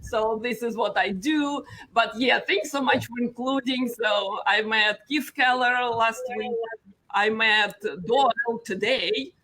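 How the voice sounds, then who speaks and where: A middle-aged woman from Russia with a Russian accent, chatting as a guest with quick, self-deprecating asides. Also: fairly high pitch, bright, forceful tone, low-quality recording. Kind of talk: casual chat.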